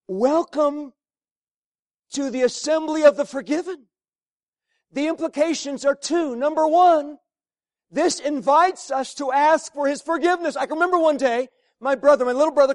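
A high-pitched man preaching in a dry, close recording. His sermon moves from near-whispers to shouted emphasis, and he hammers points home by repeating phrases. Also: dry recording. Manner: dramatic swings from hushed near-whispers to shouting.

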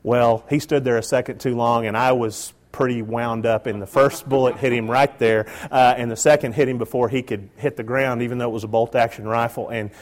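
A middle-aged man telling a hunting story live to an audience, animated, with frequent halting restarts. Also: medium pitch. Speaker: storyteller guest.

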